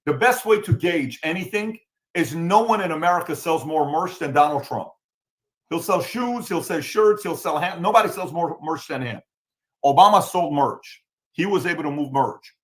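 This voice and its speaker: This host's voice sits on the high side, with lively intonation and a normal speed. A man from the Middle East, he runs a casual political talk show in a Middle Eastern accent, emphatically restating his points.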